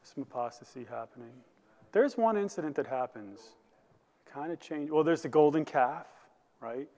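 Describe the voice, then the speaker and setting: A man's voice: fairly high pitch, lively intonation, moderate pace, warm tone, in a large hall. A male pastor preaching a sermon, building to emphatic bursts and asking the congregation questions. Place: church sanctuary.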